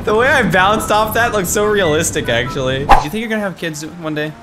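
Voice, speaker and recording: A young man bantering and laughing excitably while playing an online game with friends. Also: high-pitched, a little fast, very noisy. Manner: giggly, excitable, joking. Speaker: gamer. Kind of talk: casual gaming banter. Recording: loud background music.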